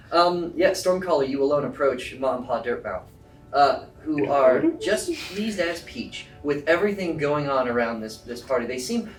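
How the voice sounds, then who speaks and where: A man narrating as dungeon master in a tabletop game, chatty and lively. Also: medium pitch. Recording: roomy distant mic, faint music.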